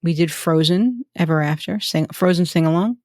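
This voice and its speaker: Woman guest, lower voice, chatty storyteller, dry booth sound. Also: a little mellow, no echo. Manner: chatty storyteller, quick asides. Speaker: podcast guest. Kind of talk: casual chat.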